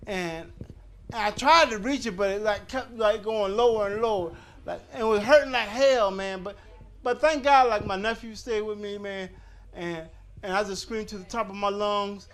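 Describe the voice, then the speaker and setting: High-voiced bright fifties comedian. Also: male voice, normal speed. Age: 50s. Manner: loose rambling delivery with crowd work and acted-out quotes. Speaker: stand-up comedian. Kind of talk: stand-up comedy set. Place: comedy club stage.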